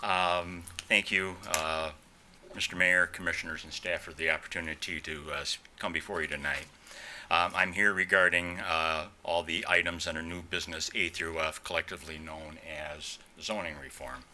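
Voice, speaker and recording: Man, formal public commenter; very low, bright voice, faint noise. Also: steady tone, moderate pace. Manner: polite, formal address. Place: city council chamber.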